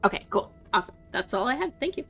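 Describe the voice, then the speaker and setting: A woman's voice: medium pitch, big pitch swings, quick pace, fairly bright tone, slightly rough, faint music behind. A woman playing a tabletop game, chatty and giggly as she describes her moves. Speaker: player. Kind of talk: casual tabletop game chat.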